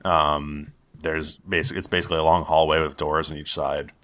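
A man's voice: very deep voice, flat delivery, moderate pace, a bit bright. A man narrating a tabletop game as dungeon master, with loose, rambling narration full of restarts and fillers.

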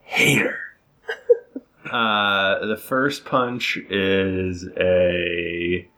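A man's voice: deep voice, little pitch movement, extremely slow, bright, forceful tone. A man running a tabletop game as game master, narrating the action in a playful, teasing way.

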